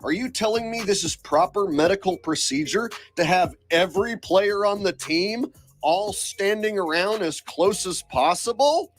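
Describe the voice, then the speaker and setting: A man's voice: high voice, a little slow, faint music behind. A man talking in a sarcastic, insistent way, delivering commentary for his video channel. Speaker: online commentator.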